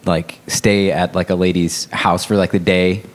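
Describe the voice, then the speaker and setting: A man's voice: low voice, flat delivery, normal speed. A man telling a story in a casual faith discussion, rambling with lots of fillers. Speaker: podcast co-host.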